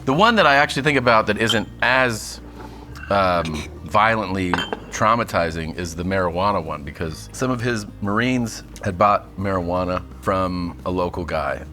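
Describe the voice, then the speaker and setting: A man's voice: low voice, moderate pace, music in the background. A man being interviewed as a guest comedian, telling casual, matter-of-fact stories and laughing often as he talks. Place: kitchen studio.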